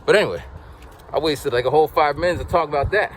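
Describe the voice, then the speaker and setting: A man in his forties, an English teacher, casually telling stories in a vlog and acting out quotes with big jumps in pitch. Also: fast talker, a little hiss or hum. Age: 40s.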